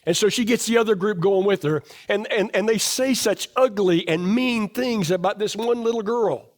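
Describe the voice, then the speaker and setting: A middle-aged man preaching a sermon in a church, asking the congregation question after question, his voice dropping low and soft to drive points home. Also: moderate pace. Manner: emphatic, asks the congregation rhetorical questions. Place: church sanctuary.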